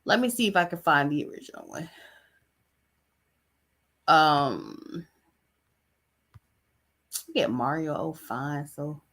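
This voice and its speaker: A woman's voice: low-pitched, lively intonation, slow pace, long pauses, a bit bright. A woman hosting a podcast, giving casual commentary in a blunt, exasperated, chatty way. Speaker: podcast host.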